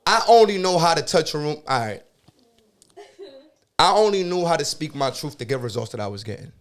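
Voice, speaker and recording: A man's voice: on the high side, animated, a little fast. A young man hosting a podcast, talking about anger and healing in an intense, emotional way and often repeating himself. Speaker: podcast host. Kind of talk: emotional casual talk.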